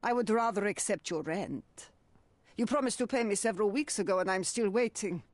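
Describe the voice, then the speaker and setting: A woman's voice: medium pitch, brisk, no echo, natural voice. A woman voicing a prim, scolding old landlady in a video game. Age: older. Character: stern old landlady, nearly blind.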